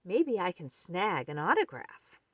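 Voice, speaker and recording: A woman's voice: on the low side, very animated, measured pace, breathy edge, no room sound, clean studio sound, exaggerated voice. A woman voicing an eager, slightly bossy male mole who is a know-it-all friend in a picture book.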